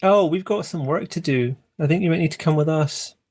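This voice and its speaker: A man playing a tabletop role-playing game, speaking as his character in a quick, eager way. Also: fairly high pitch, a little mellow, slightly rough. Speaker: player.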